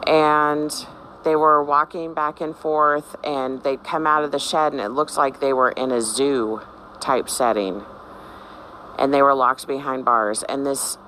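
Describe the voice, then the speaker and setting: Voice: medium pitch, sharp tone, a little hiss or hum. A channel host telling viewers about a dream in a casual way, rambling and hesitant with many fillers and restarts, musing aloud about what it means.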